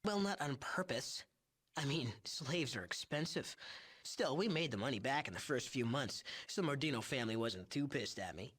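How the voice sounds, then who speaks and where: A man's voice: mid-range voice, lively intonation, normal speed, fairly bright tone. An actor playing an arrogant young male drug chemist in a video game, boastful and sneering as he shrugs off cruelty.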